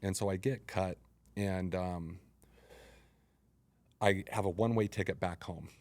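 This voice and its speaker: A man's voice: deep voice, unhurried, dry recording. A man in his forties, a former football player, telling his story casually as an interview guest and acting out the dialogue. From Utah, United States. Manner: animated, acts out quoted dialogue.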